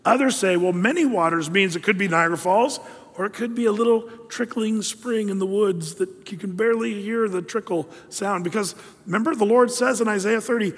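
A man with a high voice preaches a sermon as pastor. He keeps it conversational, with fillers and little asides. His voice rings out with a long hall reverb. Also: moderate pace, husky.

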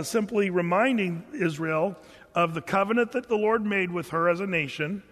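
A high-pitched male pastor teaching scripture in a relaxed, enthusiastic way. He reads old-style verses aloud, then talks about them as if chatting with his class. His voice rings out with a long reverb, like a big sanctuary.

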